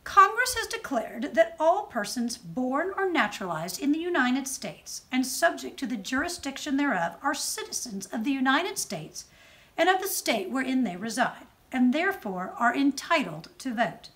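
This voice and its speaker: A woman's voice: high-pitched, very animated, moderate pace, bright, forceful tone, voice pushed up, exaggerated voice. A woman doing a bold old suffragist. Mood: ringing. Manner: ringing, declamatory speech. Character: bold elderly woman suffragist, commanding and unafraid.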